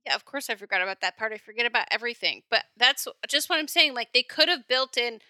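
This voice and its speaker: A woman co-hosting a podcast in casual chat, wry and quick to laugh at herself. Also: a little high, lively intonation, pushed and bright, dry recording. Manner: wry, laughs at herself, short agreeing replies. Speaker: podcast co-host.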